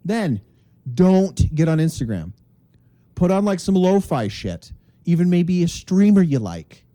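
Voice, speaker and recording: A man co-hosting a comedy podcast, telling crude, animated stories and acting out voices in casual chat. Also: high-pitched, measured pace. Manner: crude, animated storyteller who acts out voices. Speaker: podcast co-host.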